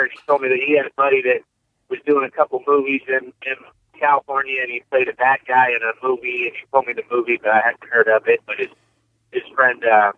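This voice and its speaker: A man from Ohio, a guest comedian, telling a story in a rambling, casual way with many fillers. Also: medium pitch. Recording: tinny phone-like line.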